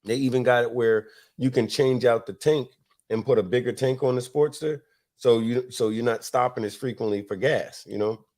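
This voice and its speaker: A man's voice: medium pitch, fairly even intonation, moderate pace, darkish tone. Male podcast host from Florida, loose rambling storyteller, laughs often, mid-range voice. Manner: rambling, laughing, many fillers. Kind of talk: casual storytelling chat.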